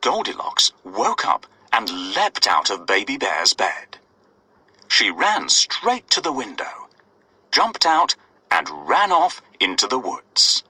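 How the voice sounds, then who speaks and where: A man narrating a children's bedtime story with slow, very expressive storytelling. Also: fairly low pitch, breathy edge, no echo, low-quality recording.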